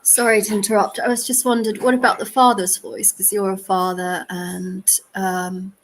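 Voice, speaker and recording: A woman's voice: medium pitch, level tone, normal speed, a little hiss or hum, rough recording. A woman politely interrupting with a question and then speaking hesitantly, with many fillers, during an online panel discussion. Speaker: round table participant.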